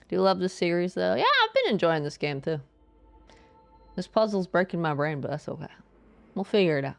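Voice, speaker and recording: Playful gravelly-voiced woman streamer. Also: brisk, faint music behind. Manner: chatty, playful, greets chat in a high sing-song voice. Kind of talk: casual live-stream chat while gaming.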